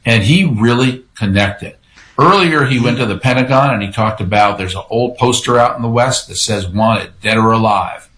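A man's voice: medium pitch, moderate pace, rough recording. A man being interviewed on a radio show, telling a story vividly and acting out the quotes. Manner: animated storyteller who acts out quotes. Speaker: radio show guest, former press secretary.

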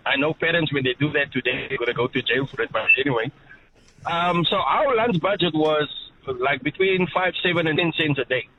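A man calls in from his car while driving, speaking a little high and a little fast as he tells a story, chatty and laughing. It's a casual phone-in, heard over a muffled phone line with background noise.

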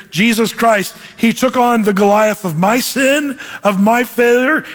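A man preaching a sermon as pastor, lively and animated, acting out quoted voices. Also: high-pitched. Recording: hall reverb.

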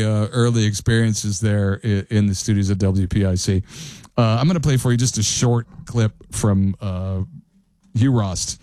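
Low, mellow-voiced male radio host. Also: fairly even intonation, moderate pace, no echo. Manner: rambling anecdotal storytelling with self-corrections and chuckles. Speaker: radio talk show host. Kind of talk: casual radio storytelling.

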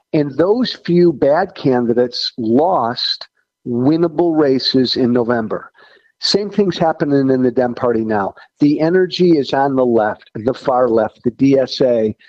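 A man's voice: mid-range voice, darkish tone, no room sound, muffled recording. A man who once served in Congress, giving blunt, folksy political opinions in an interview. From Illinois. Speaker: former congressman guest.

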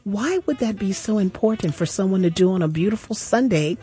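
A woman hosting a jazz radio show, making lively pledge appeals to listeners and interviewing a guest in the studio. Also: mid-range voice, a little fast, slightly rough, faint music behind. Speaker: radio host. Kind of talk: public radio pledge-drive talk.

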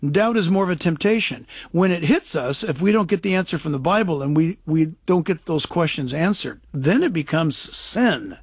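A man's voice: a little high, expressive, normal speed, hardly any pauses, breathy edge. A man giving a casual Bible teaching talk, emphatic and repetitive, often restarting his sentences.

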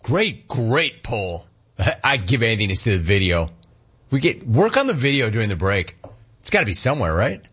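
A man hosting a talk radio show, telling animated stories and taking calls in a casual, joking way. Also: lowish voice, normal speed, breathy edge, muffled recording. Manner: animated storytelling, laughs at clips.

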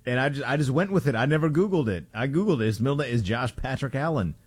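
A man's voice: mid-range voice, expressive, fast, breathy edge, dry recording. A man who is a radio producer, chiming in with dry, self-mocking remarks. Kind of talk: sports talk radio.

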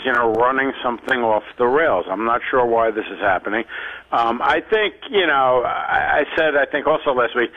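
A man co-hosting a talk radio show, explaining his points in a measured way. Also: medium pitch, phone-quality sound. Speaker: radio co-host.

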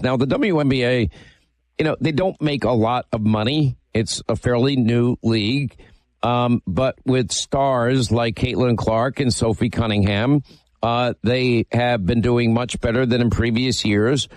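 A man's voice: mid-range voice, no room sound. A man hosting a radio talk show, chatting casually through a live ad read with frequent fillers.

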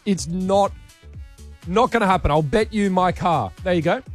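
A man's voice: high-pitched, moderate pace, faint music behind. An Australian man co-hosting a radio show, blunt and jokey in casual banter. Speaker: radio host.

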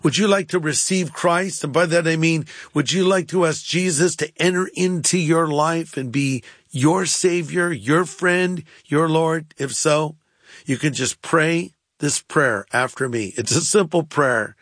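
A man's voice: fairly high pitch, measured pace, fairly bright tone, no echo, studio quality. A man speaking as a pastor on a radio program, earnest and emphatic, with a preacherly manner. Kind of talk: radio sermon talk.

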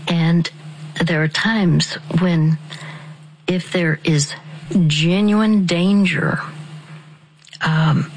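Woman counselor, low voice, very slow and soothing, some words whispered. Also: a little hiss or hum, low-quality recording. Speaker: Christian counselor on a call-in show. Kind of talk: calm counseling on a call-in show.

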